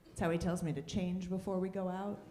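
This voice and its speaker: A woman performing a stand-up comedy set on a club stage, dropping wry, deadpan punchlines between lively asides. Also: lowish voice, a little fast, roomy sound, slight background noise.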